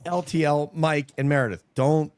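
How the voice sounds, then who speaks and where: A man's voice: on the high side, fairly even intonation, moderate pace, crowd noise. A man hosting a livestream call, joking about himself and hyping up guests in casual chat. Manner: jokey, self-deprecating, hypes guests. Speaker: stream host and producer. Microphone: online video call.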